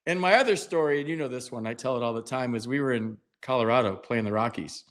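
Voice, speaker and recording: A man in his fifties hosting a casual sports podcast, an animated storyteller who acts out the people he quotes. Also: mid-range voice, fast. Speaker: podcast host, former player.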